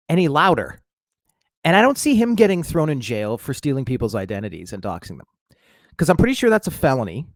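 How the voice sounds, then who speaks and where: A man's voice: mid-range voice, dry recording, clean studio sound. Rambling man venting on a vlog. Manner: rambling, heavy fillers and restarts, swears, self-mocking. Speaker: vlogger. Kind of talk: casual rambling monologue to viewers.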